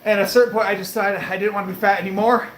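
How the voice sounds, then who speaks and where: Man, high voice, breathy, talking during treadmill workout, casual livestream chat, echoey room, faint noise. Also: level tone, very fast, a bit bright. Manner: breathy, talks between breaths while doing cardio. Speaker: fitness livestreamer.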